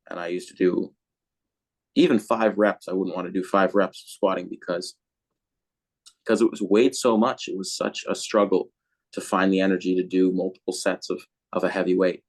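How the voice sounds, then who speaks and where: A man's voice: low-pitched, darkish tone. A man on a podcast, talking casually and rambling, with many fillers and restarts as he answers questions. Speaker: podcast co-host being interviewed.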